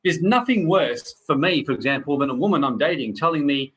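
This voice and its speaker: Middle-aged guy lecturing a group, husky voice a bit high, blunt and preachy, swears a lot. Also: expressive, fairly quick, few pauses, fairly bright tone, rough recording. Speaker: personal development speaker. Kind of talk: casual motivational talk to a group.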